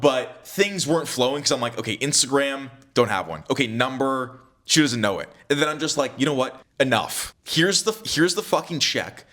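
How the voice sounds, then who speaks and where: A young man tells a story to the camera in a loose, chatty way and acts out both sides of a conversation. His pitch swings widely. His voice is bright and forward, and he works as a dating coach.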